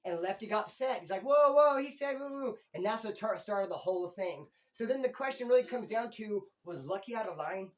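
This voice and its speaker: A middle-aged man hosting his own channel, telling a story in street slang and swinging between loud and hushed. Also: high voice, fairly quick, hardly any pauses. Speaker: YouTube channel host. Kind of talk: storytelling monologue.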